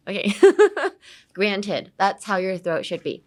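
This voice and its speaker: A woman's voice: mid-range voice, big pitch swings, takes it slowly, a little mellow. Give me a young woman, casually teaching pronunciation and filling gaps with "um". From California. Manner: uses lots of "um" and "like" fillers; switches between English and Japanese. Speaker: host, English teacher.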